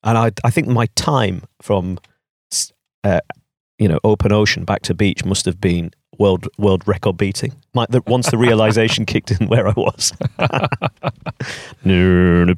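Male co-host, low voice, wry casual delivery. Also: measured pace, dry recording, studio quality. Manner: wry, joking. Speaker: podcast co-host. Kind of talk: casual chat.

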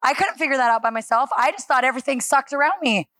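A woman speaking at a church on a handheld microphone, giving a lively, self-deprecating sermon that acts out her talks with God. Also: high voice, fast talker, no echo. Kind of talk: conversational sermon. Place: church stage.

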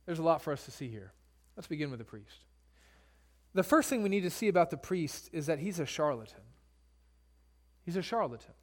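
A man's voice: fairly high pitch, sing-song, a little fast. A male pastor preaching a sermon, retelling scripture in casual everyday speech.

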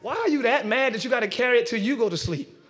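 A man with a very high, bright voice preaches to a church congregation. He shouts and half-sings his points, then acts out arguments in quick voices. His tone is forceful and ringing. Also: expressive. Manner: preaching with shouts and sung rises. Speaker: pastor. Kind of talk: sermon. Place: church before a live congregation.

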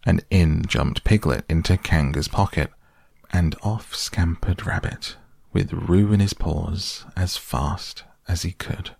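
A man reading a children's storybook aloud in an unhurried, gentle way. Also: low voice, creaky, breathy edge, dry recording, studio quality. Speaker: narrator.

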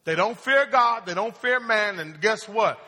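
A man's voice: high voice, animated, unhurried, sharp tone. A male pastor preaching a sermon in a plain-spoken style, asking the congregation questions and acting out casual prayers. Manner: call-and-response preaching, asks the congregation questions. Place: church sanctuary. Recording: long hall reverb.

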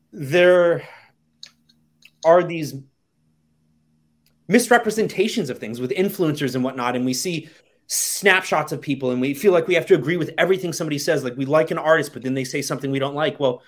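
A man's voice: on the high side, brisk. A man hosting a podcast in casual chat, talking frankly and swearing now and then. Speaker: podcast host.

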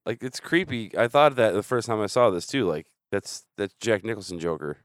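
A man chatting casually with a friend about a TV show, making dry, wry, deadpan quips. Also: on the low side, fairly quick, dry recording. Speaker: podcast co-host. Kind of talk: casual chat reacting to a TV show.

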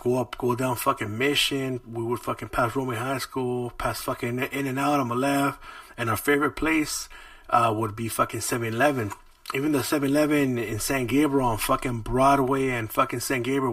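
A man's voice: medium pitch, a bit bright, no room sound. A man, hosting a podcast and telling rambling, profane stories from his childhood. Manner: profane, rambling, laid-back. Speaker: podcast host. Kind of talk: casual storytelling monologue. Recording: dry, distant mic.

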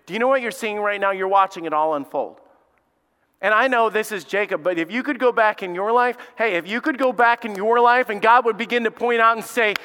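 Pastor guy preaching, bright clear voice, kinda high, long echo in the sanctuary, goes from quiet reading to fired up. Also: a little fast. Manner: reads scripture softly, then preaches with rising intensity. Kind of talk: sermon.

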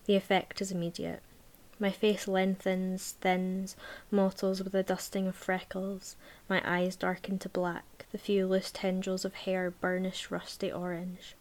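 In a measured, even delivery, a woman reads a passage from a novel, then chats informally about the book. She is a book reviewer, and her voice sits at a medium pitch.

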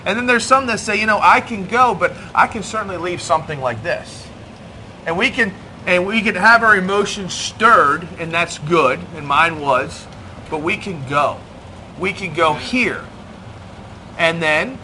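A man's voice: on the high side, pushed and bright, a little hiss or hum. A middle-aged man preaching in a church, joking and self-deprecating as he talks to the congregation. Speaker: pastor. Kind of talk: sermon. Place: church hall.

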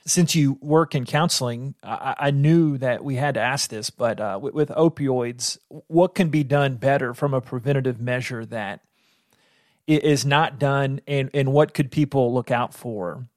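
A man's voice: mid-range voice, unhurried, a little mellow, no echo, studio quality. A man hosting a podcast who asks a long question hesitantly, stumbling over his phrasing. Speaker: podcast host. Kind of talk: interview questions.

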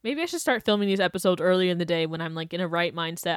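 Speaking fairly quickly in a high-pitched, animated and slightly bright voice, a young woman hosts her own show. The studio-quality recording has no echo. She delivers a sarcastic, casual rant, with frequent laughs and exaggerated outbursts.

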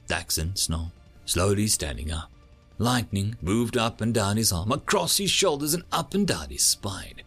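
A man narrating a story in a slow, expressive reading. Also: sits low, creaky, breathy edge, soft background music. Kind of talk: audiobook narration.

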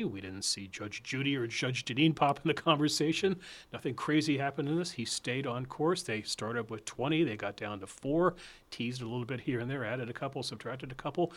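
A man hosting a political interview, asking questions in a brisk, animated, conversational way. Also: medium pitch. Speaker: host.

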